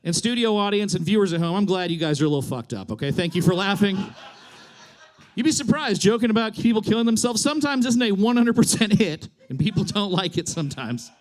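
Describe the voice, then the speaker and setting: A man's voice: high-pitched, expressive, fast talker. A young man from Reno performing a stand-up set on a theater stage, sardonic and ranting, laughing often. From Reno, Nevada. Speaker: comedian. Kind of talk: stand-up comedy.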